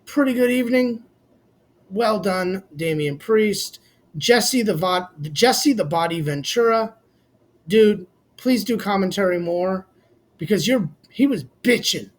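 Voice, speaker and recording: Casual vlogger, male, high-pitched voice, blunt and opinionated, swears freely. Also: lively intonation, slow pace. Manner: blunt, swears casually, addresses fans as "boys". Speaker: wrestling commentary vlogger. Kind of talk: casual opinionated recap rant.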